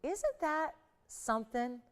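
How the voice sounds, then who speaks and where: A woman's voice: high-pitched, sing-song, takes it slowly. A middle-aged woman hosting a live TV jewelry sale, chatting enthusiastically and building up prices playfully. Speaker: shopping channel host.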